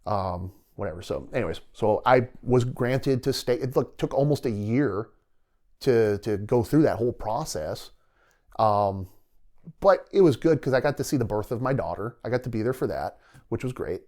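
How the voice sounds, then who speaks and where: A middle-aged man, a retired soldier, telling his story as a podcast guest in a casual, animated way, acting out what others said and laughing often. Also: medium pitch, normal speed. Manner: animated storyteller who acts out quoted dialogue and laughs often.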